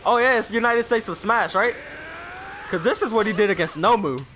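A man's voice: sits high, a little fast, fairly bright tone, slight background noise. A young man giving casual gameplay commentary, trash-talking his opponents with a laugh and frequent swearing. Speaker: gaming YouTuber. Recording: faint game music behind.

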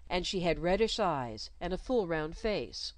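A woman reading a story aloud in an expressive, measured way. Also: on the low side, no room sound. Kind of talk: scripted storybook narration.

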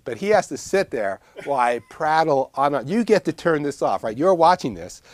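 A man's voice: on the high side, sing-song, moderate pace, no room sound. A man from Long Island with a New York accent, teaching herbal first aid in a casual, digressive filmed lecture with self-deprecating asides. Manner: gestures a lot while talking.

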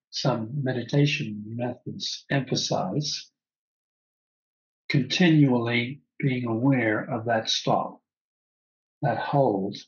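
A man teaching a breathwork class, calmly guiding the breath and repeating key phrases. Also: medium pitch, lo-fi sound.

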